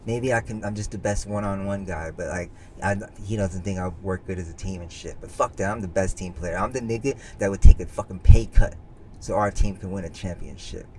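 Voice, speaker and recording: A young man co-hosting a casual podcast, boastful and intense, swearing constantly, turning low and brooding when he reflects. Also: fairly quick, darkish tone, slight background noise. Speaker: podcast co-host.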